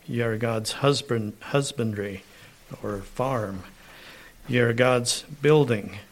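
A man preaching a sermon. He clears his throat often and reads scripture aloud with rising emphasis. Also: medium pitch. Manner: slow, unhurried preaching with frequent throat clearing.

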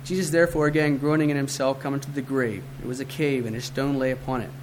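An earnest man reads scripture and a devotional poem in a measured way, his voice sitting in a middle pitch. A steady hiss and occasional clicks run under the recording. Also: low-quality recording. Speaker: devotional reader.

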